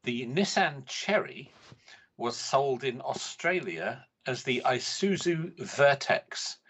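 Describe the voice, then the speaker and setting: Male co-host, husky voice, animated pitch, dry teasing delivery. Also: slow pace. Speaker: podcast co-host, quiz setter. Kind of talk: casual chat.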